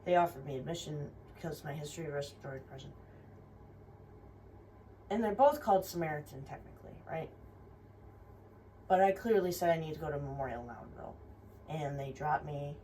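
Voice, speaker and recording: A woman's voice: deep voice, brisk, pauses often, warm tone. Rambling, profane young woman. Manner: rambling, frank and profane, full of fillers. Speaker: vlogger. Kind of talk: casual personal storytelling. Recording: somewhat distant mic with faint room noise.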